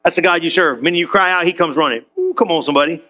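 Man, pastor, high voice, bright tone, casual slangy sermon, joking with the congregation. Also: very fast. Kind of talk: conversational sermon. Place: church.

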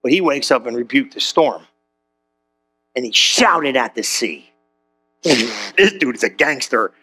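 A man's voice: mid-range voice, measured pace, breathy edge. A male pastor preaching a sermon, telling stories in casual slang and acting out the characters. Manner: animated storytelling with character voices; casual slang-heavy delivery.

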